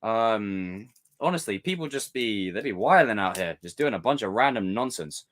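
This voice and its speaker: A man's voice: fairly low pitch, moderate pace. Theatrical man hosting a livestream. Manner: theatrical, animated rants. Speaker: livestream host. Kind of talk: casual live chat with viewers.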